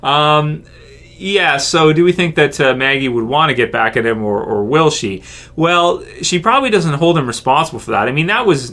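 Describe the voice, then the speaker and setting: A man answers viewer questions in a loose, rambling chat. His voice is bright and a little sharp, sitting in an ordinary middle pitch. He laughs easily between thoughts. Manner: rambling, chatty, quick to laugh. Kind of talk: casual Q&A chat.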